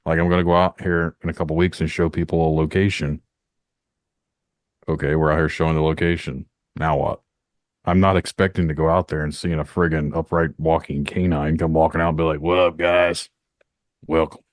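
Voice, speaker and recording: A man's voice: extremely low pitch, level tone, brisk, no room sound, studio quality. A man from Northern Indiana, hosting a podcast in a rambling, talkative way. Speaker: podcast host. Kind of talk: casual podcast chat.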